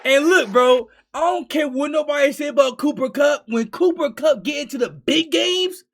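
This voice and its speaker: High-voiced young guy doing a football reaction, slangy, ranting, loud bursts. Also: moderate pace. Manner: excitable, ranting, slangy, often shouting. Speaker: sports reaction host. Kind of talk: animated sports reaction commentary.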